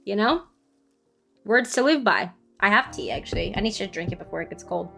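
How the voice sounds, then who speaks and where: A woman's voice: mid-range voice, fast talker, creaky, sharp tone, soft background music. A woman game streamer chatting casually, giggly and trailing off as she plays.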